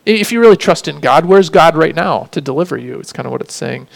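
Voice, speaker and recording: Earnest preacher, high voice. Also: male voice, lively intonation, vocal fry, rough recording. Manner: earnest, reads scripture slowly and emphatically. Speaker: pastor. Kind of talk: sermon.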